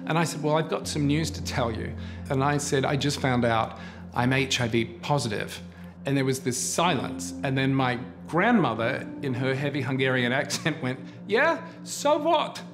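A man's voice: medium pitch, moderate pace. A man in his forties, a producer and advocate, candidly telling his personal story in an interview. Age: 40s. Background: music bed.

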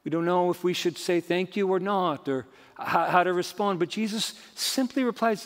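Male pastor, fairly high voice, emphatic sermon delivery, echoey church sound. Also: normal speed, hardly any pauses. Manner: emphatic preaching, rising and falling dramatically. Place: church sanctuary.

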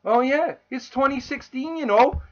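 A smug, condescending male prime minister speaks in a high, mocking sing-song voice, put on by a man. The recording is muffled and lo-fi, and every line drips with sneering contempt. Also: animated, a little fast, fairly bright tone. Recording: dull lo-fi recording.

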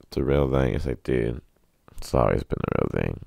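Very deep gravelly man ranting. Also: big pitch swings, a little fast, a little mellow, dry recording, studio quality. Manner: crude, joking, self-mocking, restless delivery. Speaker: podcast host. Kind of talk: rambling solo podcast rant.

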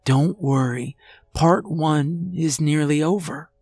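A man's voice: on the high side, slow pace, a little mellow, slightly rough, dry recording, clean studio sound, soft background music, voice pushed up, full character voice. A man voicing a sweetly menacing female nurse who soothes and mocks her patient. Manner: soothing, mocking.

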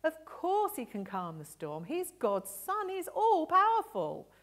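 A woman voicing an excited adult male fisherman apostle, retelling an adventure in an animated, breathless way. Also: sits high, a little slow, pitched above the performer's own voice, full character voice. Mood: awed. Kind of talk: all-age church story role-play.

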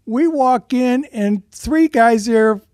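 A man telling a story in a lively, profane way as a podcast guest, recorded in a showroom. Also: very high voice, slow, clean tone, dry recording, studio quality. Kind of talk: casual storytelling chat. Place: rug and carpet showroom.

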